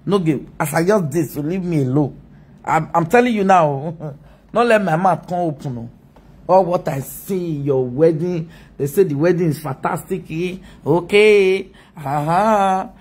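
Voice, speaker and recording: Husky Nigerian woman ranting mockingly. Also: lowish voice, unhurried, a little mellow. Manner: mocking, scolding, laughs often. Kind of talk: live video rant.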